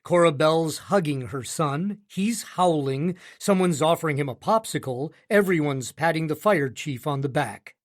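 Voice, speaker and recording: A man's voice: a little high, moderate pace, few pauses. A man narrating a romance audiobook in the first person with a wry, sardonic delivery.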